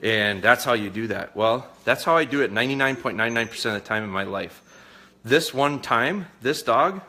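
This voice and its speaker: Sweating and somewhat out of breath, a man talks to viewers mid-session while training a dog live. His mid-range voice is animated and sharp at a normal speed, and his folksy rambling circles back on itself.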